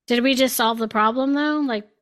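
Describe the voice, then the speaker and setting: A woman's voice: fairly high pitch, normal speed, a bit bright. A woman co-hosting a casual political chat, conversational and wry. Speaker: podcast co-host.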